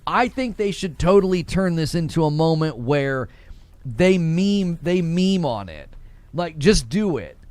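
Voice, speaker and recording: A man hosting a gaming livestream, chatting casually and acting out little jokey scenes in quick voices. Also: fairly high pitch, sing-song, darkish tone, no room sound. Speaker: livestream host reacting to gaming videos.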